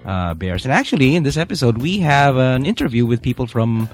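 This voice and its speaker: A man's voice: medium pitch, very animated, a little fast, soft background music. A man co-hosting a casual podcast, chatting in a rambling way with lots of fillers and laughs. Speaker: podcast co-host. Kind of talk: casual chat. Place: Houston, Texas studio.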